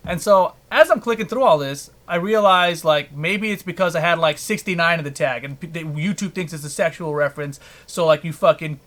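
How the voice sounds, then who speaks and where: A man's voice: on the high side, a little fast, few pauses, a bit bright. A man hosting a casual podcast, ranting about a frustration and swearing heavily. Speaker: podcast host.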